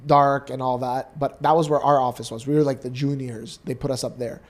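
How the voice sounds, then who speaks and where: This Canadian podcast co-host, a man in his thirties, talks a little fast in a mid-range voice. He tells an emotional personal story in an earnest, animated way.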